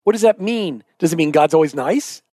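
A man's voice: on the high side, lively intonation, brisk, dark tone, no echo, studio quality. A man hosting a Christian talk show, asking questions with playful asides.

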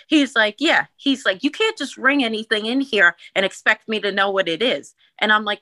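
A woman in her thirties with a New Jersey accent, telling a story on a podcast in a lively, profane way and acting out the quotes loudly. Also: medium pitch, a little fast, few pauses, no room sound, poor audio. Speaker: guest storyteller.

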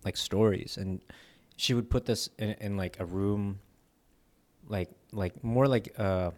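A man with a fairly low voice chats loosely while eating. English is not his first language, and he rambles with slang, fillers and frequent laughter. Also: slow, darkish tone. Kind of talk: casual chat while eating.

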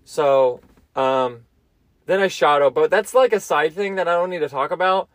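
A man's voice: on the high side, normal speed, dry recording. A young man hosting a solo comedy podcast, telling loose, crude stories with lots of restarts and self-amused asides. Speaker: podcast host. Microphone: close mic, seated.

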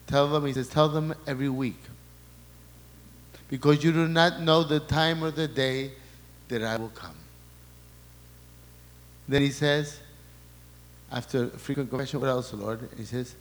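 Male priest at a middle pitch, preaching in a halting, restarting way, heard in a long hall echo. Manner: halting, restarts and repeats words, relays quoted messages. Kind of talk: sermon talk.

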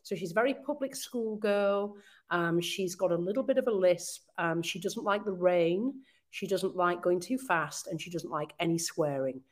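A woman chatting as a podcast guest. She is enthusiastic and laughs easily, with a somewhat low pitch for a woman. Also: normal speed. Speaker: interview guest. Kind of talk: casual conversational interview.

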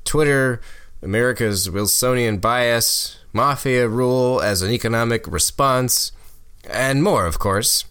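A man's voice: medium pitch, measured pace, fairly bright tone, clear, resonant tone, dry recording, clean studio sound. A man hosting a podcast, reading intros and then interviewing in an easygoing, self-deprecating way. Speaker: podcast host. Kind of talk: scripted intro and conversational interviewing.

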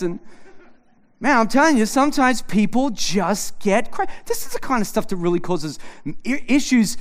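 Male pastor, higher voice, animated storyteller who acts out both sides of a conversation in a comic sermon. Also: normal speed. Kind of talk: humorous sermon. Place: church.

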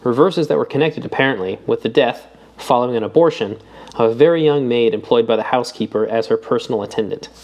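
Steady male audiobook narrator. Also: mid-range voice, fast talker, highs cut off. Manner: reads steadily, lifting his voice for quoted dialogue. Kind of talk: scripted narration.

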